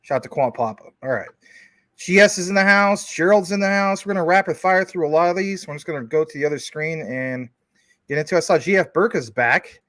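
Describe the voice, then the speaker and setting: A man's voice: a little high, a little fast, fairly bright tone, no room sound. A man co-hosting a casual livestream, greeting viewers and reading their comments in an upbeat, jokey way. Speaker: livestream co-host.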